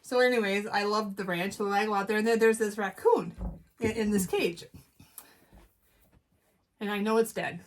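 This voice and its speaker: A middle-aged woman from Wyoming co-hosting a casual chat show, telling a story in a relaxed, hesitant way with deadpan quotes. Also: medium pitch, normal speed, long pauses. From Wyoming, USA. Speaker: co-host.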